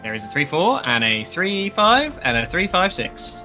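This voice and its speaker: A man's voice: a little high, very animated, normal speed, over music. A man chatting casually during a game stream, making dry joking remarks. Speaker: co-player. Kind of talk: casual gaming chat.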